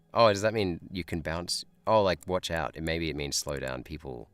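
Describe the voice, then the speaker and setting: A man's voice: extremely low pitch, lively intonation, moderate pace, fairly bright tone, clear, resonant tone, no room sound, soft background music. A man who is a teacher, streaming a guessing game live, thinking aloud in a chatty way and laughing often. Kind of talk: live gameplay chat.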